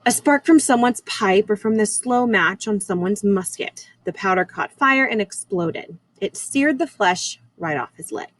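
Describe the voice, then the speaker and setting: A woman teacher reading a novel aloud at a measured, unhurried pace, with occasional small slips. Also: mid-range voice, lively intonation, poor audio. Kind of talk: read-aloud chapter book narration.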